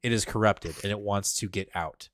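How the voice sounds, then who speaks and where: A man co-hosting a casual comic book review show, talking excitedly with lots of fillers and casual swearing. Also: on the low side, normal speed, dry recording. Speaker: podcast co-host.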